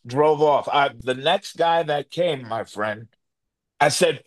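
A man's voice: a little high, slow pace, no echo. New guy, middle-aged, rambling story with lots of restarts, dry close mic. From New York. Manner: rambling, lots of restarts and fillers, acts out quoted voices. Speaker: guest. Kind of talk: animated storytelling.

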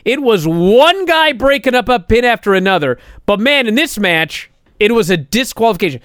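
A man's voice: sits high, big pitch swings, normal speed, a bit bright, clean tone, no echo, clean studio sound. A man giving a casual, sarcastic recap of a wrestling show, exasperated and building to indignant outbursts.

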